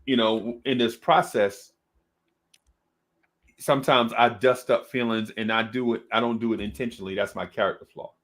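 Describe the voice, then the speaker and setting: A man's voice: medium pitch, fairly even intonation, normal speed, a bit bright. A man hosting a casual chat, rambling and slangy, with lots of restarts. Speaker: host.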